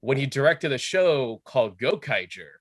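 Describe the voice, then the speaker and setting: A man moderating an online panel, eagerly sharing fan trivia. His voice has an average pitch. The sound is dry and close over a video call. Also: very animated, normal speed, a bit bright, no room sound. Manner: eager, fan-knowledgeable explainer. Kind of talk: casual panel chat.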